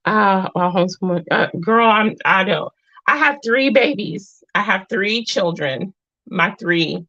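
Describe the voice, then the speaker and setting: With a medium-pitched, animated voice and a measured pace, this woman in her thirties hosts a heartfelt live chat with her viewers. She speaks earnestly, wanders off topic and back, and grows warm and emotional, close to tears. The audio is dull, lo-fi and without any room sound.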